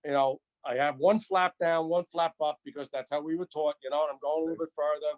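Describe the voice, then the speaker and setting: A man in his sixties, a retired firefighter, telling a story in an animated, repetitive way. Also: fairly high pitch, fast, highs cut off. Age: 60s. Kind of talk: storytelling interview.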